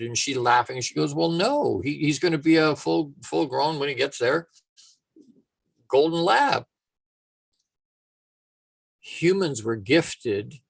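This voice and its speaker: Guy doing a motivational talk, middle pitch, super dry mic, tells stories and does little voices. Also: gravelly, no echo. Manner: animated storyteller, acting out quotes. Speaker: motivational speaker.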